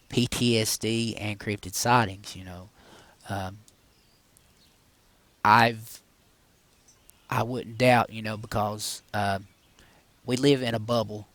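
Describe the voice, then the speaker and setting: Middle-aged male vlog host, low-pitched and casual, speaks in a loose, meandering way, dry close sound. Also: a bit bright, no echo. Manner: loose and rambling, many fillers, often says "guys". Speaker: paranormal podcast host. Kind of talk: casual rambling monologue to viewers.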